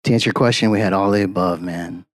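A man talks as a guest on a podcast. He rambles through his stories and keeps tossing in "man" and "you know". The conversation is relaxed and unscripted. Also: sits low, quick pace. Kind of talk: casual podcast chat.

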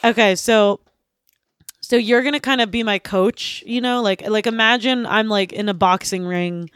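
A woman's voice: medium pitch, moderate pace, a bit bright, smooth, no room sound. A woman chatting on a comedy podcast, rambling and piling up fillers. Her voice sits mid-range. The sound is dry and close. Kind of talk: comedic casual chat.

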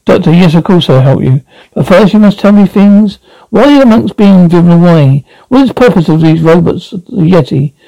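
A man reading as a brisk, reassuring traveller. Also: sits high, animated, vocal fry, dark tone, no echo, lo-fi sound.

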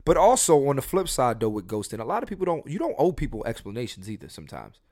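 Guy ranting about dating on his podcast, super lively pitch, dry close sound. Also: fast talker, no room sound. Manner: animated, profane, swings loud and soft. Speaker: podcast host. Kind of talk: casual storytelling chat.

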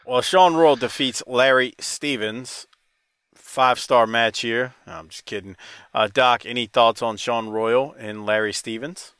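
A man's voice: mid-range voice, a little slow, a bit bright, clean tone, no room sound, clean studio sound. A man hosting a casual podcast, laughing often and talking loosely. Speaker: podcast host.

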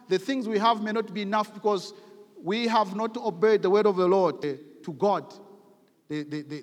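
A man preaches a sermon, pushing scripture readings with mounting emphasis. His voice sits high for a man. The sound rings with a long hall reverb. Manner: emphatic, reads scripture aloud with rising force.

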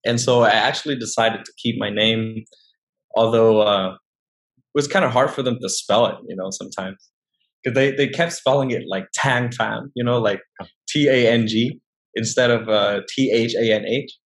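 Young Vietnamese man, halting guest talk. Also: fairly low pitch, rough recording. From northern Vietnam. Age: young adult. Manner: hesitant, many fillers and restarts. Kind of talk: casual interview chat.

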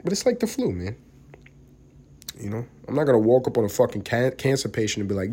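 Speaking at a moderate pace with long pauses, a young New York man hosts a podcast in a loose, profane monologue. His medium-pitched voice carries big swings in pitch and a breathy edge as he gets over the flu. He rambles, alternating between loud and mumbled delivery.

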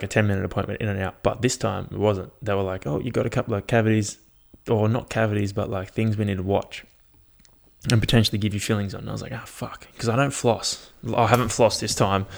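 Young man, solo podcast host, gravelly, lowish voice, rambling and sweary, casual chat. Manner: rambling, sweary, laid-back storytelling. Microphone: podcast microphone.

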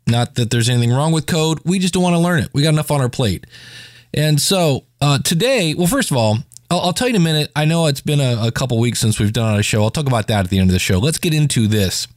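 A man's voice: mid-range voice, dry recording, clean studio sound. A man hosting his own podcast, reviewing a web tool in a chatty, informal way with jokey asides. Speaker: podcast host. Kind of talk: casual solo podcast review.

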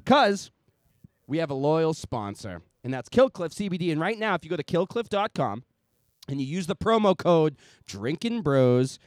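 A man's voice: on the high side, very animated, moderate pace, no room sound, clean studio sound. A man hosting a podcast, reading a sponsor ad in a hyped, joking, profane way. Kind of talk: loud casual ad read.

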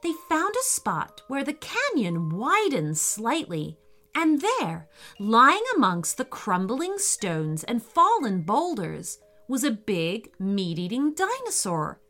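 Storyteller: woman, slow, bright, expressive reading over faint music. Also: a little high. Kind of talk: children's story narration.

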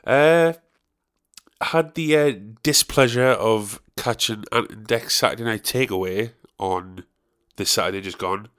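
A man's voice: on the low side, measured pace, fairly bright tone, clean tone. A man, ranting profanely and rambling as a podcast host. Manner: rambling, profane ranting with sudden outraged peaks. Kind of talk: casual chat.

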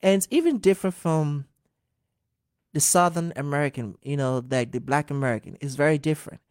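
A man in his twenties from Liberia, a singer talking as a guest in a casual interview, animated and earnest, laughing often. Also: on the high side, fairly quick, clear, resonant tone, dry recording, clean studio sound. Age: 20s.

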